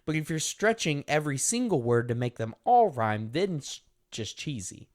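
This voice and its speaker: A man's voice: fairly high pitch, very animated, normal speed, a little mellow, dry recording, studio quality. A young man co-hosting a casual podcast, blunt and teasing, often giving short replies. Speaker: podcast co-host.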